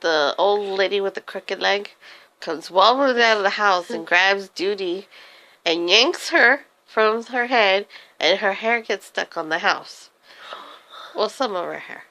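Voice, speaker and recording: A woman's voice: mid-range voice, measured pace, bright, forceful tone, poor audio. A woman telling an improvised silly story, giggly and rambling.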